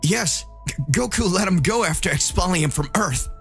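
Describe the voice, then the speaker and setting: A man's voice: high-pitched, animated, moderate pace, gravelly, a bit bright, faint music behind, full character voice. A man voicing a fearful, stammering male fighter in a fan-made story narration.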